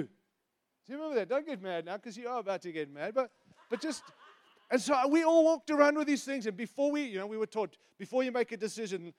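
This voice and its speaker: A middle-aged man preaching a sermon, animated and teasing, moving between loud emphasis and hushed asides. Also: very high-pitched, fast talker. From outside the United States.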